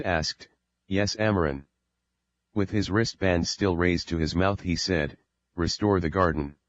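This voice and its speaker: A man reading an audiobook as narrator, in a steady, measured way. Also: deep voice, no room sound, lo-fi sound. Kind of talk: scripted narration.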